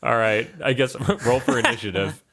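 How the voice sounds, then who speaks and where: A man's voice: medium pitch, very animated, normal speed, gravelly, fairly bright tone. A man narrating as game master in a tabletop game, loose and casual with many fillers.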